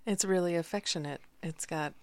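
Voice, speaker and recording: A middle-aged woman co-hosting a relaxed talk, thoughtful and searching for her words. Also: lowish voice, normal speed. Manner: thoughtful, searching, many fillers. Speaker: podcast co-host. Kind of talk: casual conversation.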